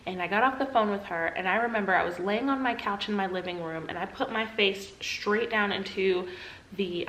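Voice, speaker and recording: Young woman, vlogger, confessional storytelling, mid pitch, echoey room. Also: a bit bright, a little hiss or hum. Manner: earnest, confessional, acts out her past self in a higher pleading voice. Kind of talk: personal storytelling to camera.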